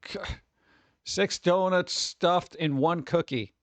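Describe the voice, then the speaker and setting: Slowly and in a slightly high voice, a streamer comments casually on food videos, wandering off topic and fumbling his words with an exasperated, sarcastic edge. The audio is close and dry, without any echo.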